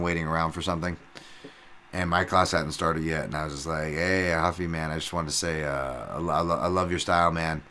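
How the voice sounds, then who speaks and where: A man in his thirties hosts a podcast, his voice low-pitched yet forceful and tense. He rambles in a loose, profane way, full of fillers and restarts, and flares up loud when something excites him. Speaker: podcast host. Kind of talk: casual podcast talk.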